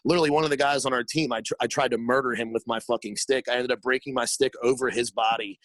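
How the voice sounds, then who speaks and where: Brief: male podcast co-host, quick and foul-mouthed, dry close sound. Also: mid-range voice, fairly even intonation, a bit bright, no room sound. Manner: profane, storytelling, rambling. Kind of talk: casual podcast chat.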